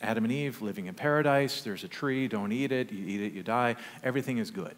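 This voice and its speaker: A man preaching a sermon, telling a personal story in a conversational, animated way with humorous asides. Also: mid-range voice, quick pace. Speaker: pastor. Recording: long church reverb.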